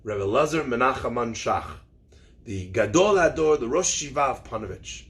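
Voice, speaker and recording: A man's voice: mid-range voice, expressive, normal speed, a bit bright, close to an everyday voice. A man voicing a worried community rabbi who hesitates and frets over giving advice. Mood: anxious. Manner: hesitant, anxious.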